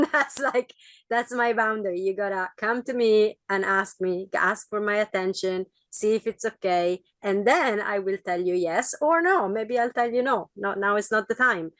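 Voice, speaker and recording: A woman's voice: medium pitch, normal speed, a bit bright, dry recording. A woman hosting a podcast interview, speaking in an affirming, reflective way. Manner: affirming, reflective, frequent mm-hmms. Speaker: podcast host. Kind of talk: casual interview chat.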